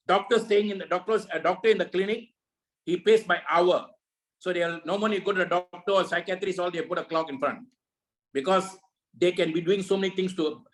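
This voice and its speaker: High-voiced preachy man lecturing. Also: fairly bright tone, low-quality recording. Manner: preachy, repeats rhetorical questions. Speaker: network marketing leader. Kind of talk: motivational talk. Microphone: video call.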